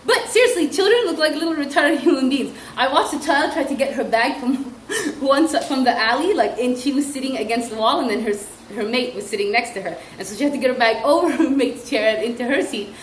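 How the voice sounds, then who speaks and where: A young woman with a high voice rants about her teaching job in a casual comedy vlog. She giggles often and acts out what the children say in a mocking way. The room has a lot of echo, with faint noise behind her. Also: fairly quick. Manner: giggly, mocking, animated storytelling with acted-out quotes. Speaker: vlogger and ESL teacher.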